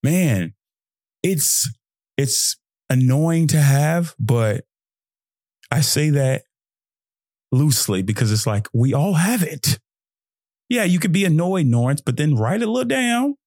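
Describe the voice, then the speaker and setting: A young man from Texas hosting his own podcast, talking loosely and in slang, jumping into high mocking voices when he quotes his own thoughts. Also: big pitch swings, slow pace, pauses often, a little mellow, no room sound, clean studio sound. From Fort Worth, Texas. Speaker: podcast host. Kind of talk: solo motivational podcast monologue.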